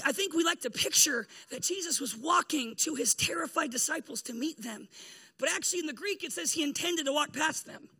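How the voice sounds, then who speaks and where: A man with an unusually high voice and a strikingly bright, sharp tone preaches a loose, humorous sermon. He tells the story in a chatty, joking way and laughs often as he goes. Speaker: pastor.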